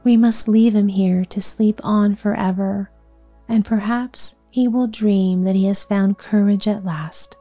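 Woman narrating a whispered bedtime story reading, soothing and hushed, very slow, dark mellow tone, faint music beneath. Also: mid-range voice, steady tone.

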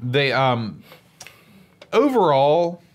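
A man's voice: mid-range voice, very animated, drawn-out words. Easygoing man telling stories. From West Virginia. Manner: easygoing, self-mocking storyteller. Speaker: podcast co-host. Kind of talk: casual chat.

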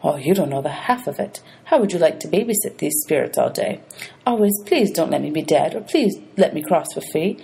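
A woman's voice: low-pitched, expressive, brisk, vocal fry, warm tone, breathy edge, full character voice. A woman reading aloud, voicing a greedy ancient male ferryman of the dead who grumbles and haggles. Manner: grumbling, sly, money-hungry.

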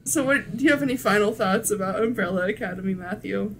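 A woman co-hosting a podcast in casual chat, easygoing and quick to laugh. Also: mid-range voice, a little hiss or hum. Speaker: podcast co-host.

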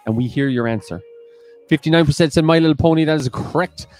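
A man's voice: fairly high pitch, quick pace, a little mellow, faint music behind. A man co-hosting a live-streamed quiz, reading questions and options aloud in a playful way. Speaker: quiz co-host.

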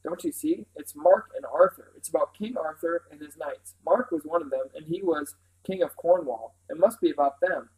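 A man voicing an eager, excited young boy in a breathless rush while he reads a novel aloud. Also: a little high, moderate pace, hardly any pauses, husky, rough recording.

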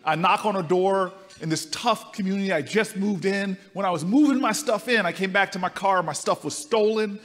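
A man giving a speech to a live conference audience, telling a story with animated swings between loud and soft. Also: sits high, moderate pace, few pauses, slight background noise. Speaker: speaker at a conference. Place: large conference hall. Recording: reverberant hall.

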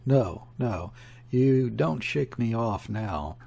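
A man reading the lines of a gloomy, desperate conspirator with a husky voice, in an audiobook. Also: mid-range voice, animated, slow pace, warm tone, heavily acted. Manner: gloomy and bitter. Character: gloomy desperate middle-aged male conspirator.

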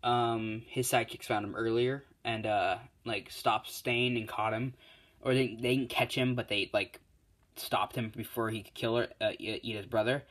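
A man's voice: fairly low pitch, fairly even intonation, normal speed, a bit bright. A man casually retelling a fan-made story as a YouTuber, rambling with lots of fillers and self-corrections.

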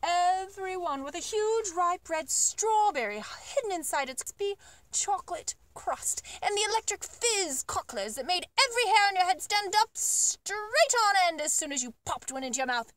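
Animated woman reading a children's story. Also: extremely high pitch, moderate pace. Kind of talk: reading a children's book aloud.

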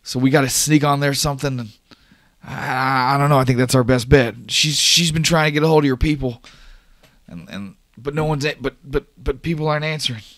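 A man's voice: medium pitch, steady tone, brisk, a bit bright, no room sound, clean studio sound, voice pushed up, natural voice. A man voicing a panicked young male rig worker who stammers and repeats himself, worried for his grandmother. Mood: anxious.

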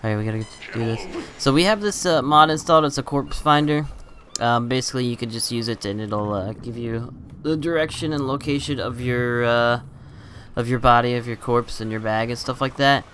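A man's voice: mid-range voice, a little fast, a bit bright, a little hiss or hum, poor audio. A man hosting a gaming channel, chatting casually over his gameplay, exasperated and laughing at his own bad luck.

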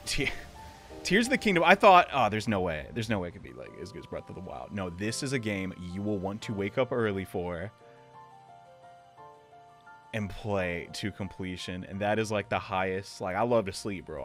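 A young man commentates his gameplay in a loud, excitable, jokey way. His bright voice swings wildly in pitch, often climbing to shouts. Faint game music sits behind him. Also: moderate pace. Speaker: let's play host.

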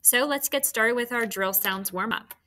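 A woman teacher leading a phonics sound drill for children to repeat, clearly enunciated. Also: a little high, normal speed, sharp tone.

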